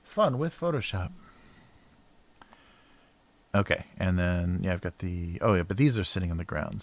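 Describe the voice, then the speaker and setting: Low-pitched male cartoonist, casual livestream chatter while drawing, mumbly, trails off. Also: expressive, unhurried, pauses often, a little hiss or hum. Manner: mumbling to himself, trailing off, soft laughs.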